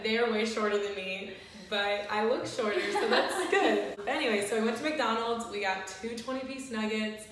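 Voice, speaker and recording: A woman's voice: a little high, normal speed. A woman hosting a casual eating video, chatting to her friends and to viewers, with lots of "like" as filler. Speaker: YouTuber hosting a mukbang. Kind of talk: casual chat while eating. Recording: echoey room, distant mic, faint noise.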